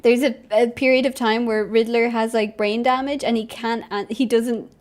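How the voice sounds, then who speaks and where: Giggly high-voiced woman streamer. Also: normal speed. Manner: giggly, squealing, chatty and easily excited. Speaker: game streamer. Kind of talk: casual gameplay commentary.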